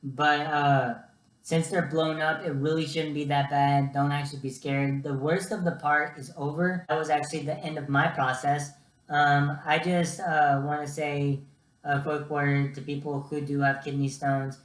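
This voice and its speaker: A man's voice: a little high, flat delivery, moderate pace. Young male vlogger, casual storyteller who talks to his viewers, recorded in a roomy space. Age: young adult. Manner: chatty, keeps addressing viewers as guys. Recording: echoey room.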